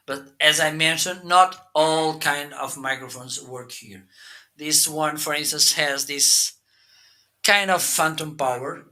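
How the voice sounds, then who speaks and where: Slow, very bright-voiced joking man. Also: on the high side. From South Africa. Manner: playful, joking, unhurried. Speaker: live shopping show co-host. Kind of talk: casual live-stream product demo. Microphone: handheld mic through a speaker.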